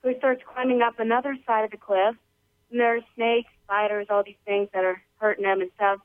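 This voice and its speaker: A woman's voice: on the high side, flat delivery, a little fast. Rambling female caller on a phone line. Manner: rambling storyteller, casual slang. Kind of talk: telling a joke over the phone. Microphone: telephone.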